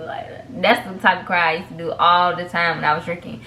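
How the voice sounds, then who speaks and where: A young woman in her twenties telling a casual storytime vlog, chatty and animated, acting out what people said and talking straight to her viewers. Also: on the low side, brisk, hardly any pauses, roomy sound. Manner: animated, acts out quotes, addresses viewers as "y'all". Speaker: vlogger.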